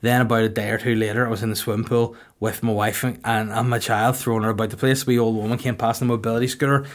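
A man in his thirties with a Northern Irish accent, hosting a podcast with crude, deadpan comic storytelling. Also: fairly low pitch, quick pace. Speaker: podcast host. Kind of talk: casual comedic podcast chat.

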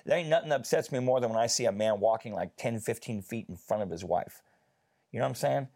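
A man telling a personal story in a casual faith discussion, chatty and animated, with many fillers. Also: medium pitch, fast.

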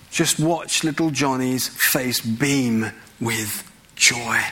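A man's voice: medium pitch, bright, forceful tone. A man preaching a sermon in a church, conversational and full of rhetorical questions.

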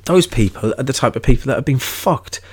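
A man's voice: mid-range voice, animated, fairly quick, husky. A young man from London with a London accent, talking casually and at length on his podcast, rambling with many restarts and swearing freely. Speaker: podcast host. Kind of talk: casual solo podcast monologue.

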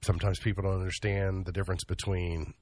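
A man's voice: deep voice, flat delivery, quick pace, a little mellow, no echo. A man hosting a morning show, bantering casually and joking about himself. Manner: joking, self-mocking, laughs at his own lines. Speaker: radio morning show host.

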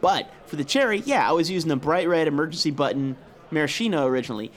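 Animated man, lively swinging pitch. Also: quick pace. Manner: profane, animated storyteller acting out his own reactions. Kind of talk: casual chat.

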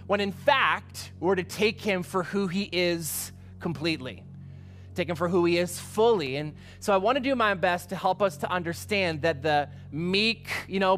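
High-voiced animated male pastor. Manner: animated, acts out quotes with exclamations. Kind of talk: casual storytelling sermon.

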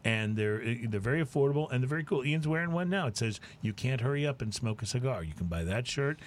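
A man's voice: mid-range voice, fast, a little hiss or hum. Chatty male podcast host. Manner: relaxed, chatty, hesitant restarts. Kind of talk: casual chat.

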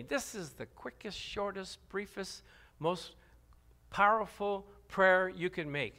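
A man preaching a sermon, animated and lively. His voice sits high and sounds bright and forceful. He swings from low, quiet scripture reading to loud cries, and keeps asking questions of the congregation. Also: takes it slowly. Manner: animated, laughs often, calls out to the congregation. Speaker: pastor.

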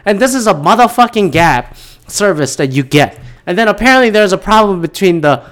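A man with a somewhat high voice talks alone in a loose, rambling monologue. He swears freely and keeps drifting off on tangents as he vents. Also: expressive, normal speed, fairly bright tone. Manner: rambling, profane, goes off on tangents. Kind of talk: casual ranting monologue.

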